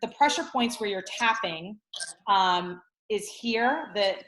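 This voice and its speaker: A woman's voice: medium pitch, lively intonation, takes it slowly, fairly bright tone. A woman guest explaining something in casual chat, tagging her sentences with "like" and "right?", heard over a video call. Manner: chatty, many "like" and "right?" tags. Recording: roomy video call audio.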